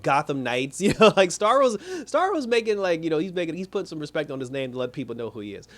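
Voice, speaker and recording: A man giving a casual, rambling spoiler review, laughing often and acting out characters' lines. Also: medium pitch.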